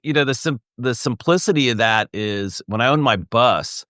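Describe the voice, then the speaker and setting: A middle-aged man in casual podcast chat, telling animated stories and acting out the voices of other people. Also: mid-range voice, normal speed, no room sound, clean studio sound. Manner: animated storyteller acting out quoted dialogue. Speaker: podcast co-host or guest.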